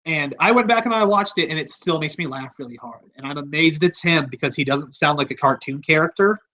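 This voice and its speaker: A podcast host with a somewhat high voice rambles through the story in loose, offhand chat and swears freely. The recording sounds dull and lo-fi. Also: male voice, a little fast, bright, forceful tone.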